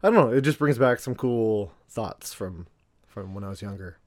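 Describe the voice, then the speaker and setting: A man's voice: on the low side, moderate pace, no room sound, clean studio sound. A man co-hosting a podcast, talking in a hesitant, casual way with lots of fillers. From Canada. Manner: hesitant, with many fillers and laughs. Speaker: podcast co-host.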